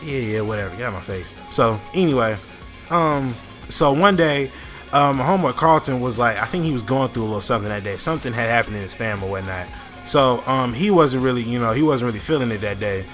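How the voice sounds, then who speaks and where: Bright-voiced young man telling a story. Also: mid-range voice, a little fast, faint music behind. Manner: laid-back, slangy, full of fillers and restarts. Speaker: storytime vlogger. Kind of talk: casual storytelling.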